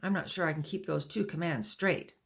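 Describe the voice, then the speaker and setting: Give me an eager, curious young pioneer woman, read by a woman, with a touch of gravel, in an audiobook. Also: deep voice, a little fast. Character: young pioneer woman learning to drive oxen, lively. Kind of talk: audiobook dialogue.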